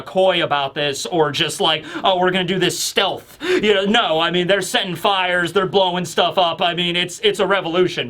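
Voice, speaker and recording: A man giving casual, rambling commentary on a manga chapter, animated and full of fillers. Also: high-pitched. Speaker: manga reviewer.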